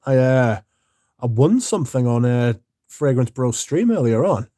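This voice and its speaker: A man's voice: mid-range voice, sing-song, measured pace, mellow, no room sound, studio quality. A man hosting a casual livestream, sleepy and yawning, rambling and swearing as he chats to his viewers. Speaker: livestream host.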